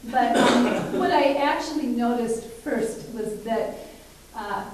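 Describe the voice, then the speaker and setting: A woman casually telling a story from her work at a care home, chatty and halting with many fillers. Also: a little high, a little mellow. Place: live performance space. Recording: echoey, distant room recording with hiss.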